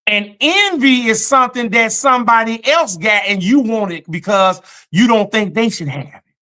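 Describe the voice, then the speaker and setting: A man co-hosting a faith talk show, reading Bible verses slowly and explaining them earnestly. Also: high-pitched, sharp tone. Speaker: co-host reading scripture.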